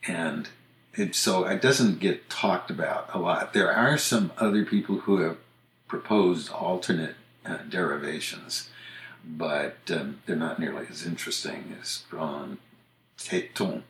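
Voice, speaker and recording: Man, very low voice, casual explainer, spells words letter by letter, echoey room. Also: a little slow, a bit bright. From United States. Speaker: podcast host on English usage.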